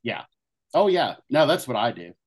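A man's voice: medium pitch, sing-song, normal speed, slightly rough. A young man co-hosting a casual comedy podcast, laid-back and laughing often. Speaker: podcast co-host.

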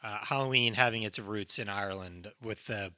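Bright, dry-sounding man recapping a movie. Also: lowish voice, moderate pace, dry recording. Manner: casual, swears freely, recaps plot. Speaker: podcast co-host. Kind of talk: casual film discussion.

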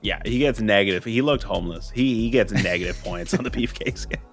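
A man co-hosting a movie podcast, excitable and playful, laughing often as he reacts to the film. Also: lowish voice, fast, soft background music. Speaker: podcast co-host. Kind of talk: casual movie review chat.

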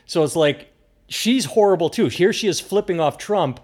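A man's voice: sits high, lively intonation, moderate pace, darkish tone. A man hosting a podcast, recounting a story in a wry, insistent way. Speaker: podcast host. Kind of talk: casual chat.

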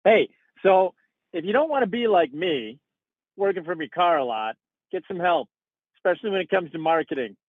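A man's voice: high-pitched, sing-song, moderate pace, breathy edge, no echo. Wry man on a tinny line. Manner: dry, laid-back, wry humor. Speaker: podcast co-host. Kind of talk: casual podcast chat. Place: in his car. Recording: tinny phone-like line, dry.

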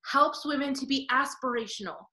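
A woman's voice: high-pitched, expressive, normal speed, pushed and bright, reverberant. A woman hosting a podcast interview over a video call, gushing and emotional, rambling with many restarts. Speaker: podcast host.

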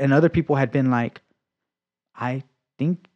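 With lots of energy, a man shares his faith testimony in casual conversation, acting out what he said back then and sinking into a hushed whisper for emphasis. His pitch is medium, his speed normal, and the sound is lo-fi.

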